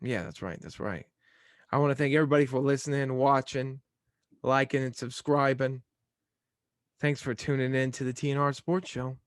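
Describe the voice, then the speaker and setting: A man's voice: mid-range voice, steady tone, moderate pace, dry recording. A young man hosting a casual sports podcast, talking in an easygoing, rambling way. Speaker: podcast host.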